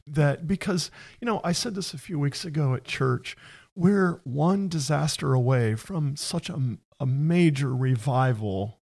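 A man hosting a faith-based interview chat, earnest and openly emotional, often speeding up when he gets excited. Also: on the high side, unhurried, creaky, hardly any pauses.

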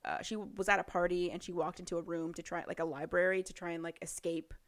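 Woman on a podcast, lowish voice, super casual, lots of likes, dry close sound. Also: flat delivery, fast, dry recording. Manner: chatty, lots of fillers like "like", often laughing. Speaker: podcast co-host recapping a book. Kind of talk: casual chat.

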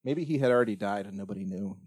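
A man's voice: fairly low pitch, racing, darkish tone, no room sound, clean studio sound. A man hosting a casual movie podcast, rambling and joking with frequent laughs. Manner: rambling, jokey, laughs often.

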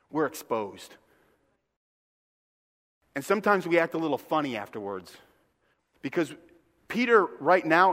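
A man preaching a sermon as a pastor, retelling a scripture story with humor and lively asides in a church. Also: a little high. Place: church sanctuary. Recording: long reverb of a large hall.

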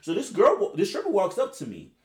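A man in his twenties, a podcast host, telling a long story in a rambling, profane, animated way. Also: high-pitched, fairly quick. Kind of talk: casual storytelling chat. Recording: roomy echo.

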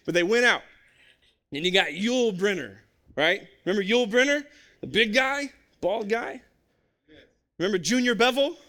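A man preaching a sermon in an animated, conversational, joking way. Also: high voice, moderate pace, long pauses. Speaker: pastor and basketball coach.

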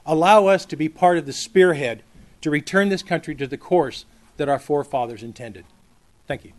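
A man's voice: fairly high pitch, normal speed. A man reading prepared testimony at a podium in a formal, earnest way. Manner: formal, earnest, speech-like delivery. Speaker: public witness at a legislative hearing.

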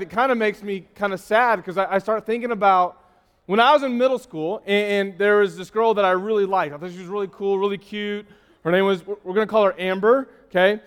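A youth pastor with a high, smooth, clear voice preaches to a youth group in a church hall with long echo. He tells stories with self-teasing asides and often stumbles over and repeats words.

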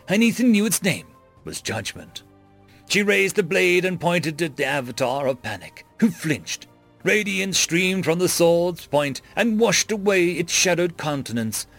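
A male storyteller reading with dramatic flair, his voice gravelly and lively in pitch. The tone sits a bit higher than most men's. Faint music plays behind him. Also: a little slow. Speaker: narrator. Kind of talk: storytelling narration.

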